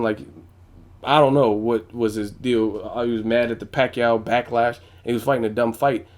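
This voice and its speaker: On his boxing vlog, a YouTuber with a medium-pitched, slightly mellow voice talks boxing in a laid-back, blunt way, cursing freely. "You know what I'm saying" comes up again and again.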